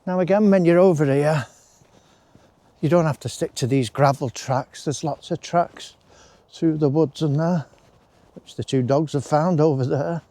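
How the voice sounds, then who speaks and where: A man rambles in a relaxed, mellow voice while out walking. He keeps up a chatty commentary with friendly asides, and his voice sounds dry and close to the mic. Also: a little high, measured pace, no echo. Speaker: walking vlogger. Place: outdoors in a wooded country park.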